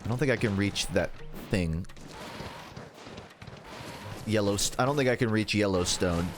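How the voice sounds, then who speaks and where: A man's voice: fairly low pitch, a little slow, music in the background. A man streaming a video game, chatting casually in a rambling, self-deprecating way that trails off mid-sentence, his voice strained from earlier voice acting. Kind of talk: casual live-stream chat while gaming.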